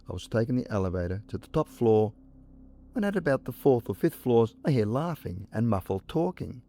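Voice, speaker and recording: A low-voiced man reads spooky first-person stories in a measured way. He lets short pauses hang before the eerie moments of each tale. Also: dark tone. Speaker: narrator. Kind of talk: scripted ghost story narration.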